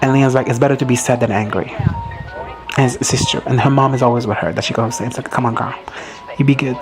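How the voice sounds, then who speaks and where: A man recaps a show in an excitable, rambling reaction-video style. He swears freely and keeps jumping into quick quoted asides, and his voice sits at a middle pitch. Faint music plays underneath.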